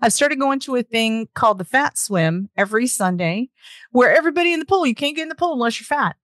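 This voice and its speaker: A woman's voice: fairly high pitch, lively intonation, fast, fairly bright tone, no echo, studio quality. A woman with a Southern US accent, a storytelling guest talking enthusiastically in a casual podcast chat over a call. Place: home, remote call.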